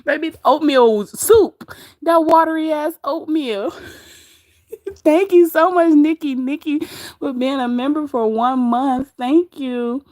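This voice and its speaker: A woman's voice: high-pitched, slow pace, a little mellow, dry recording, studio quality. A woman hosting a casual livestream, gossiping about another streamer and laughing often as she reads the chat. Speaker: livestream host.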